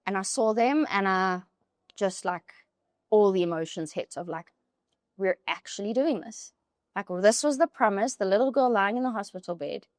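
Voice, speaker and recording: A young woman, a podcast guest telling a personal story in an animated way, full of "like" fillers. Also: medium pitch, moderate pace, no echo, studio quality.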